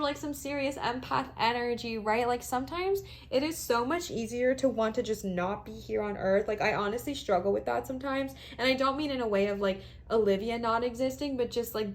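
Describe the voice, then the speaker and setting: Give me a young woman with a slightly high voice doing an emotional, chatty tarot reading. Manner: gushing and emotional, says "y'all" and "bestie"; reads card texts aloud slowly between chatty asides. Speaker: tarot reader. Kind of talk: pick-a-card tarot reading.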